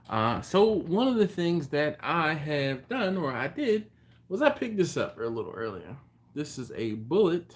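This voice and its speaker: Man, live-stream host at home; loose, rambling chat greeting viewers by name; slightly high voice.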